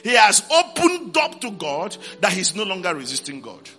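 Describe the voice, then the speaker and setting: A man's voice: high-pitched, huge pitch swings, moderate pace, sharp tone, faint music behind. A man preaching a sermon, repeating key words and calling out to his congregation for responses.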